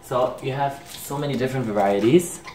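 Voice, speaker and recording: A man from Germany with a German accent, explaining candy in halting English as he searches for words. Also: medium pitch, a little mellow. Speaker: guest. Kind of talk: casual chat, explaining candy. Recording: echoey room, far from mic, clear noise.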